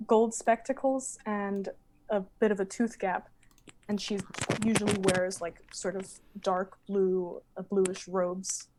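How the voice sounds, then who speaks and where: A woman's voice: mid-range voice, level tone, takes it slowly, very noisy. Hesitant woman describing her character. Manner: hesitant, many fillers. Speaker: player.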